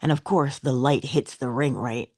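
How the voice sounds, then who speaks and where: Low, gravelly woman giving soft inspirational talk. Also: normal speed, dry recording, clean studio sound. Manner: soft-spoken, drifts into whispers; playful, affectionate asides. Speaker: inspirational speaker. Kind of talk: spiritual motivational talk.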